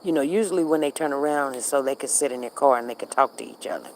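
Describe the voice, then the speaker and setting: A woman's voice: a bass voice, fast talker, darkish tone, a little hiss or hum, low-quality recording. A middle-aged woman, chatting casually on a livestream and reacting to what happens outside. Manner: chatty, repeats herself, reacts to events outside. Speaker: livestream host.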